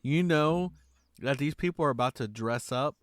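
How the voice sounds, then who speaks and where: A man's voice: medium pitch, moderate pace. A man co-hosting a podcast, chatting casually and joking emphatically. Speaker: podcast co-host. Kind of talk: casual chat.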